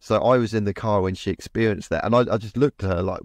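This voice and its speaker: With a lowish voice and a quick pace, this podcast co-host and medium rambles through a casual story, restarting often and repeating words. There's no echo on the recording.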